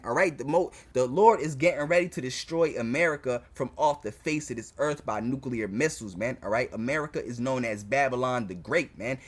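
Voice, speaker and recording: A man's voice: medium pitch, breathy edge. A man preaching fervently to camera as a street preacher, repeating phrases and stumbling into restarts. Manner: fervent, repetitive, full of "man" and "all right" fillers.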